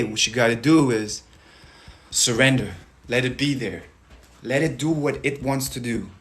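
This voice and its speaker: A young man coaching listeners through a guided tapping session, speaking in slow, repetitive, encouraging phrases with audible sighs. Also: mid-range voice, a bit bright.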